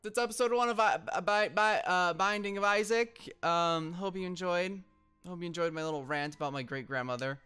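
Soft music plays as a young gaming channel host at home speaks at a normal pace in a high, smooth voice that's pushed and bright. He rambles casually through a story mid-game, umming often and snapping in frustration now and then.

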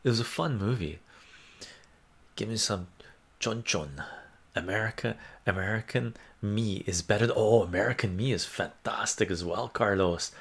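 A man hosts a relaxed livestream, reading viewers' chat messages aloud and answering them with plenty of fillers. His voice sits low and carries a husky, gravelly texture. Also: normal speed. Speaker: livestream host. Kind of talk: casual chat about movies.

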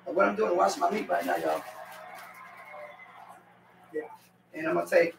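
Man, high gravelly voice, laid-back cooking vlog, phone mic set back in a roomy kitchen with household noise. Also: fairly even intonation, normal speed, pauses often, recorded from a distance. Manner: loose, chatty, talks straight to viewers with lots of "y'all". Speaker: cooking vlogger. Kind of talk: casual cooking vlog chat. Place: home kitchen.

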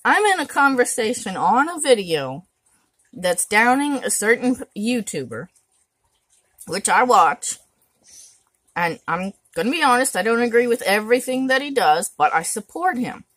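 A woman speaks straight to camera in an indignant rant, hammering her points home by repeating words. Her voice sits high and swings widely in pitch. She takes her time, and the recording is dry and close. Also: sing-song, measured pace, fairly bright tone, no echo. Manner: indignant, emphatic, repeats for stress. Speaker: vlogger.

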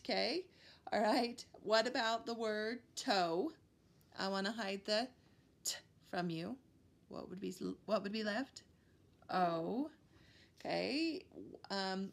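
A woman preschool teacher giving a phonics lesson to young children, sounding out letters slowly and praising them warmly. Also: medium pitch, gravelly. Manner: slow, encouraging, sounding out letters for small kids.

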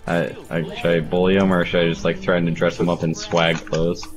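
A young man chatting while gaming, talking in a halting, drawn-out way full of likes and restarts. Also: sits low, little pitch movement. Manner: halting, drawn-out talk with fillers. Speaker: gamer co-host. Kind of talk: casual gaming commentary. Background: game music.

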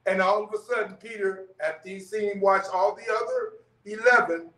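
A man leads a church Bible study in a loose, conversational way, stopping often to ask "okay?" His voice sits high. He is heard from a distance, and the room echoes around him. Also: steady tone, normal speed, bright, forceful tone. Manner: conversational teaching, frequent "okay?" checks. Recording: echoey room, mic far off.

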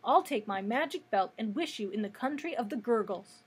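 A woman's voice: on the high side, animated, moderate pace, breathy edge. Woman reading as an anxious little girl. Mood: scolding. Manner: pleading, anxious. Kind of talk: storybook read-aloud.

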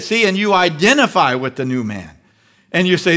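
A man preaching a live sermon as pastor, animated and acting out little voices as he goes. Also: high voice, normal speed. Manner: animated, acts out voices of the flesh and believers. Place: large church.

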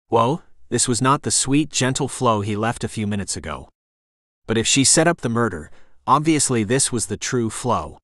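A man's voice: medium pitch, lively intonation, normal speed, a bit bright, no room sound. A man narrating a crime audiobook in a tense, dramatic storytelling manner on a close studio mic. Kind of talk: scripted narration.

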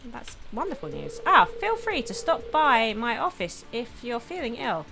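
A woman reading aloud as a polite young male town doctor in a game, gentle and formal. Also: fairly high pitch, sing-song, measured pace, vocal fry, heavily acted. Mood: polite, reassuring. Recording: game music playing behind. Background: game music.

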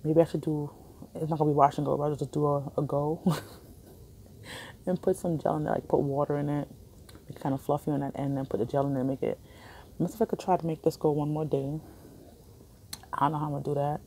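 A woman's voice: sits low, dark tone, a little hiss or hum. A young woman chatting casually on a phone vlog in a hospital waiting area, rambling and laughing often. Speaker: vlogger. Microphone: phone camera held in hand.

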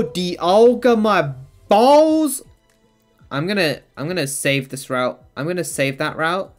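Slow-talking giggly man streaming a game. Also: mid-range voice, a bit bright. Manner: rambling, giggly, chatting to viewers. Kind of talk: casual live-stream chat while playing.

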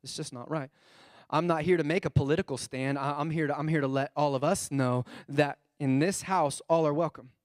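Man, pastor, lively conversational sermon, raised pitch, dry sound. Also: brisk, dry recording. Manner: animated preaching with call-and-response. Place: church sanctuary.

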